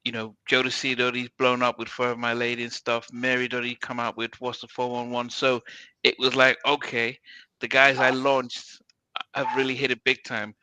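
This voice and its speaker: A man's voice: medium pitch, completely flat delivery, fairly quick, sharp tone, a little hiss or hum, low-quality recording. A man hosting a podcast, asking an interview question hesitantly with many fillers. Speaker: podcast host.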